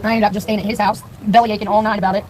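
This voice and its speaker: A woman's voice: medium pitch, little pitch movement, rapid-fire, darkish tone, slight background noise, rough recording. A young woman live-streaming, telling a story in a blunt, profane, chatty way and talking straight to her viewers.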